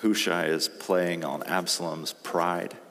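A man's voice: low voice, fairly even intonation, slow, a bit bright. A man preaching a sermon, reading scripture aloud and pressing his points with rising emphasis. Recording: reverberant hall.

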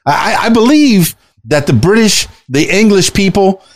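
A man in his fifties hosting a podcast interview, excitable and jokey, gushing over his guest. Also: high-pitched, measured pace. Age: 50s. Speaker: podcast host and club DJ. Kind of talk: casual interview chat.

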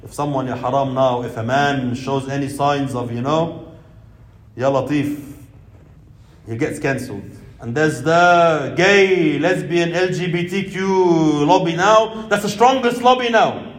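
A man's voice: on the high side, measured pace, echoey room, rough recording. A man preaching an impassioned sermon to his brothers and sisters, with Arabic religious phrases woven into his talk. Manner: addresses listeners as brothers and sisters. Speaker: Islamic preacher.

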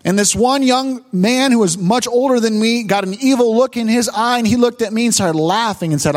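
A man's voice: very high-pitched, a little fast, hardly any pauses. A man preaching a sermon, retelling a childhood story with emotional repetitions and stammers. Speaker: pastor.

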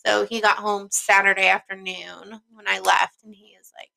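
A woman's voice: medium pitch, level tone, moderate pace, gravelly, bright, forceful tone, rough recording. A young woman chatting casually with a friend, telling a story, acting out the quotes and laughing often.

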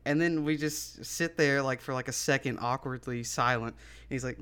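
A man's voice: medium pitch, normal speed, fairly bright tone, clean tone. A young man co-hosting a podcast, telling a story casually with lots of swearing and laughter. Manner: laid-back, profane, laughs often. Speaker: podcast co-host.

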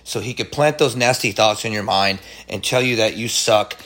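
A man giving a casual, excitable Bible teaching, full of slang and asides. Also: lowish voice, moderate pace. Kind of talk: casual Bible study talk.

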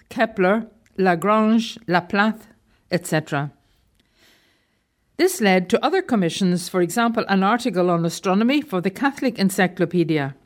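A woman guest tells a historical story from a prepared script. Her delivery is measured and informative, sitting at an ordinary middle pitch for a woman. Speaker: guest contributor telling history stories. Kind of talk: prepared talk read from a script.

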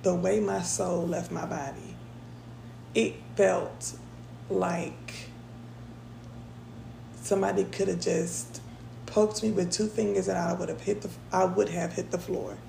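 A woman's voice: lowish voice, level tone, slow pace, vocal fry, long pauses, dark tone, slight background noise. A woman hosting a podcast, telling a personal story in a chatty, casual way and calling her listeners y'all. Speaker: podcast host. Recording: echoey room with faint ambience.

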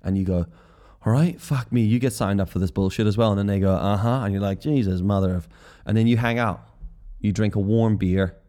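A man's voice: lowish voice, steady tone, quick pace, mellow. A middle-aged man hosts a podcast in a casual comedic monologue. He swears freely and acts out little scenes in quoted voices. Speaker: podcast host.

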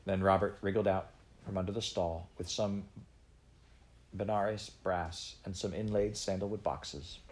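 A man narrating a storybook aloud in a measured way, with small slips. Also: low-pitched, fairly even intonation. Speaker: audiobook reader.

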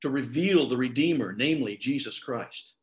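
A man's voice: mid-range voice, moderate pace. A man preaching in a conversational way. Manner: conversational preaching with lively quoted voices. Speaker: pastor. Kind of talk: sermon.

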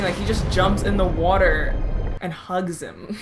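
A woman doing casual reaction commentary on a movie, gushing, laughing and swearing excitedly. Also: on the low side, measured pace, music in the background.

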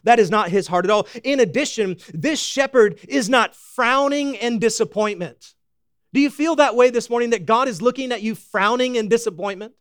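A man preaching a sermon, folksy and animated, swinging from loud exclamations to hushed emphasis. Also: extremely high pitch, normal speed, clear, resonant tone, no room sound, studio quality. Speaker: pastor.

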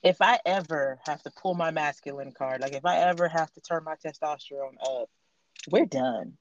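A woman chatting on a podcast, telling stories in a lively way and laughing often. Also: sits low, moderate pace, dull audio, a little hiss or hum. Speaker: podcast co-host. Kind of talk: casual chat, storytelling.

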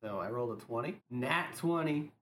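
A man's voice: medium pitch, animated, normal speed, a bit bright. A man casually playing a tabletop game, speaking plainly in short turns. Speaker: player.

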